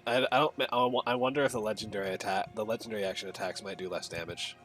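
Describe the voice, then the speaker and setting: A man with a fairly low voice talks through his turn in a tabletop game, hesitating and restarting as he thinks aloud. Faint music plays softly underneath. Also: fairly even intonation, rapid-fire. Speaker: player. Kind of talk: casual tabletop game talk.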